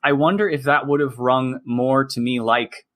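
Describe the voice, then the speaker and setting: A man's voice: mid-range voice, steady tone, normal speed, a bit bright. A man co-hosting a podcast, talking in a chatty, explanatory way. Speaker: podcast co-host. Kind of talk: casual discussion.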